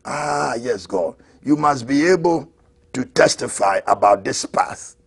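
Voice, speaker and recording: A man preaching a fiery sermon as an apostle, who shouts, repeats his lines and laughs between them. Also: mid-range voice, animated, unhurried, gravelly, breathy edge.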